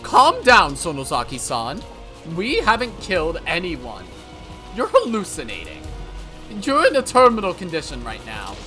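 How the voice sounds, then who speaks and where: A man voicing panicking clinic staff who shout urgent orders. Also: high voice, huge pitch swings, normal speed, soft background music, pitched above the performer's own voice, full character voice. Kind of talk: visual novel voice acting.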